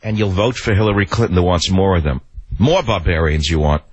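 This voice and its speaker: Husky older man ranting on talk radio. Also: low voice, fairly quick, dry recording, highs cut off. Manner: swings from tender to ranting, rhetorical questions. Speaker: radio talk show host.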